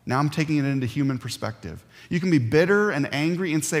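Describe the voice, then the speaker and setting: A man preaching a sermon as a pastor, earnest and emphatic, with dramatic pauses. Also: fairly high pitch, animated. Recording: long hall reverb.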